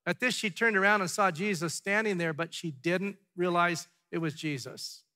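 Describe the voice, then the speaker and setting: A pastor preaching a sermon to his congregation, asking rhetorical questions and dropping to a hush before building back up. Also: high-pitched, moderate pace. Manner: dramatic, drops to a hushed tone for emphasis, then builds up. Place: church sanctuary.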